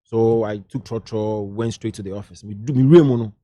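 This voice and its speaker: Guest, Ghanaian man, middle-aged, anecdotal and lively, dry room sound. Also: fairly low pitch, fairly quick, no room sound. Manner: lively anecdotal, drifts into local slang. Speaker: guest, entertainment journalist. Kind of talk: casual interview storytelling.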